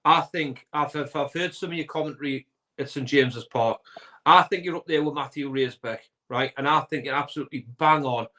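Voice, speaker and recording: An emotional man stumbles through his words as a guest, filling the pauses with ums. His voice is fairly high and bright, with a sharp edge. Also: poor audio. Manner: emotional, halting, many ums. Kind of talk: casual chat.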